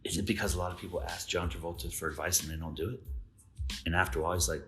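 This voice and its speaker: A man's voice: low-pitched, fairly even intonation, racing, fairly bright tone, faint music behind. A man hosting a podcast, telling stories casually with quoted dialogue and questions to the listener. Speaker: podcast host. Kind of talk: casual storytelling monologue.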